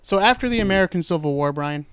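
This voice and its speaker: A man's voice: sits high, animated, quick pace, a bit bright, clear, resonant tone, no echo. A man hosting a true-crime talk show, telling the story in a rambling, jokey way and correcting himself as he goes. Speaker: podcast host. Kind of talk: casual true-crime chat.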